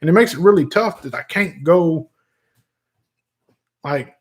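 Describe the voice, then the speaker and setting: A man's voice: fairly high pitch, expressive, a little slow, husky. Profane joking man. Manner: profane, joking, laughs often. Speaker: vape channel host. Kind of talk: casual livestream chat reading viewer comments.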